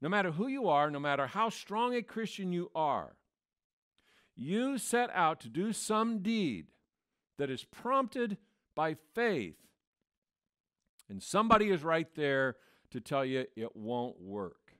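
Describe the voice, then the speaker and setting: A man's voice: fairly high pitch, very animated, takes it slowly, a bit bright, clean tone. A man preaching a sermon as pastor, in a conversational way that acts out the voices he quotes. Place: church.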